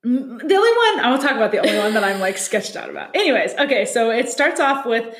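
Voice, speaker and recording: A woman co-hosting a podcast in casual chat, talking fast and laughing often as she acts out the people she describes. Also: on the high side, reverberant. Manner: chatty, laughs often, quotes people in lively put-on voices. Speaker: podcast co-host. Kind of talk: casual chat recapping reality TV.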